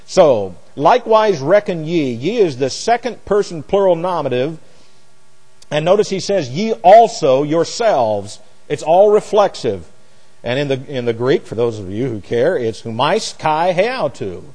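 A man's voice: fairly high pitch, very animated, normal speed, darkish tone, long reverb tail. A man teaching a Bible lesson like a sermon, spelling out words letter by letter, with mocking asides. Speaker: preacher.

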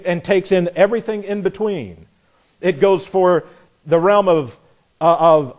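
Folksy, sarcastic male preacher. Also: sits high. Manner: folksy and sarcastic, rising loud on punchlines; voices imagined people in quotes. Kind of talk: sermon.

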